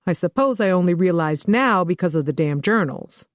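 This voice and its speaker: Woman, audiobook narration, even conversational delivery, dry close mic. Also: fairly low pitch, moderate pace, no echo. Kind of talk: first-person novel narration.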